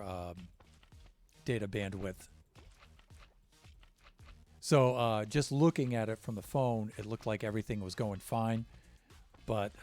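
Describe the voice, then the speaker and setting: A man's voice: on the low side, a little mellow. An American man casually chatting with his stream viewers, rambling with lots of fillers and restarts. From United States.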